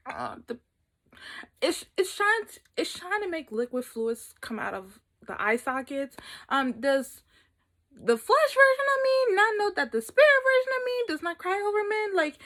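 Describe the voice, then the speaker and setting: A woman doing her cheeky squeaky spirit talking to God. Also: bright, forceful tone, heavily acted. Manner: cheeky, exasperated, high and emphatic.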